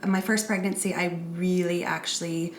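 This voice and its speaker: A woman's voice: lowish voice, little pitch movement, moderate pace, slight background noise. A woman co-hosting a casual podcast chat, talking in an upbeat, emphatic way. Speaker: podcast co-host. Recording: echoey room with faint music.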